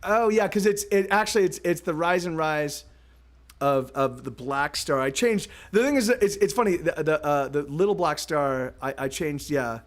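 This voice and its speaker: A man's voice: a little high, normal speed. A man streaming live from a home studio, singing his own songs with a guitar, then chatting with viewers in a stammering, laughing way.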